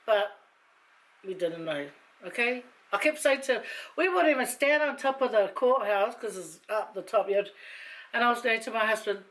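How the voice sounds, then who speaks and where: A woman's voice: medium pitch, normal speed. Chatty woman vlogger. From Samoa. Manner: chatty, rambling, self-mocking, emotional. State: teary after crying. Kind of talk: casual chat to camera.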